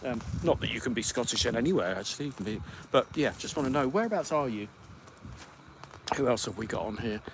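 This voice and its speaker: A man from the United Kingdom hosts a podcast live stream, chatting casually and rambling as he reads out viewer comments. His mid-range voice is fast and creaky with lively intonation, against slight background noise.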